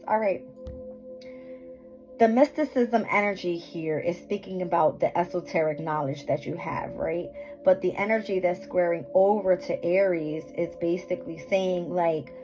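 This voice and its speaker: Her voice is lowish and the recording rough, with music playing behind as she does a casual astrology and tarot reading for home viewers. Scattered and foul-mouthed, she keeps tripping over words, breaking off mid-thought, and laughing at her flubs.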